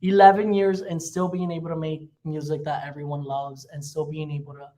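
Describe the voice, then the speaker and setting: A man's voice: on the high side, level tone, a little fast, warm tone. A young man co-hosting a student podcast, talking thoughtfully and searching for words. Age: young adult. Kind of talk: casual chat.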